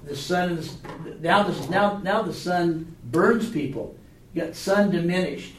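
A man's voice: high voice, measured pace, slight background noise. A man teaching a Bible class in a casual, conversational way, often checking in with his students through questions. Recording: echoey room, mic far off.

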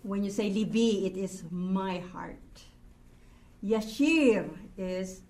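Slow-speaking woman teaching a lesson. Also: mid-range voice, fairly even intonation, mellow. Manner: slow, patient, explains step by step. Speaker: Hebrew teacher. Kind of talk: classroom lesson.

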